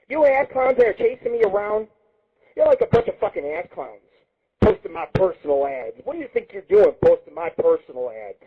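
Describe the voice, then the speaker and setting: A man with a high, husky voice that swings all over the place, ranting as host of a crude internet radio show. He swears constantly and rambles from one thing to the next. The sound is tinny and narrow, like it comes down a phone line. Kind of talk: profane comedic radio rant. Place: home radio studio.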